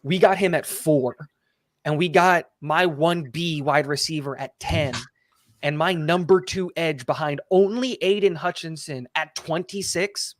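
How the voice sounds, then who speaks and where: A man co-hosting a casual sports chat, talking fast and excitedly and often repeating words as he restarts. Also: on the high side, dry recording, clean studio sound. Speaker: co-host.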